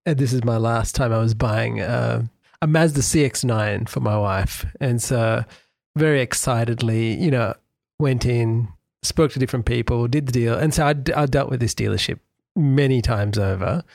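Gravelly man telling a story. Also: mid-range voice, moderate pace, no room sound. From Australia. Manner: animated storytelling. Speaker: podcast co-host. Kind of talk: casual chat.

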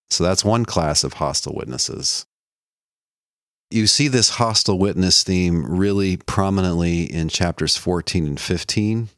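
A man with a low, deep voice lectures in an easy, conversational way. He walks the listener through a text and lifts his voice for quoted lines. The sound is close and dry, with no room around it. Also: no room sound. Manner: conversational teaching, quoting scripture with a lifted voice. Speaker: lecturer on the Bible. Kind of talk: explanatory lecture.

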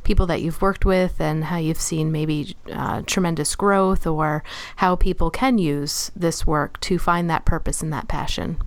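A woman interviewer asking measured, affirming questions. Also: low voice, fairly even intonation, no echo.

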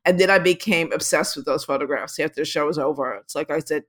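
A woman photographer in an interview, telling long rambling stories with many restarts and lively quotes of other people. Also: deep voice, fast talker, hardly any pauses. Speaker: photographer guest. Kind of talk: casual storytelling interview.

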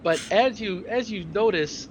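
A man runs a tabletop game, painting scenes in loose, filler-laced narration. His voice sits somewhat high, and the recording is dull and carries a clear hiss of noise. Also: measured pace. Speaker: game master.

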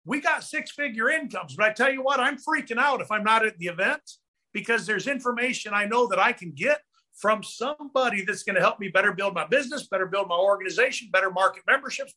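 An older man from Tennessee giving an energetic motivational talk on a video call, telling stories and often repeating words. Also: high-pitched. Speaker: guest speaker.

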